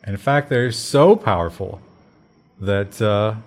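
A man's voice: fairly low pitch, takes it slowly. An American man co-hosting a casual news chat, talking with wry joking asides. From United States. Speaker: podcast co-host.

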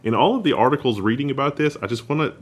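A man's voice: medium pitch, animated, very fast. A man co-hosting a podcast, bantering casually and cracking jokes. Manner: jokey, laughs often. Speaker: podcast co-host. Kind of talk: casual chat.

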